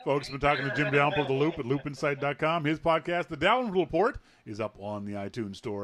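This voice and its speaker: A man's voice: fairly high pitch, lively intonation, brisk, hardly any pauses, a bit bright, dry recording. A man hosting a podcast, bantering casually with a guest and laughing often. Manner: laughs often, playful teasing. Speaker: podcast host.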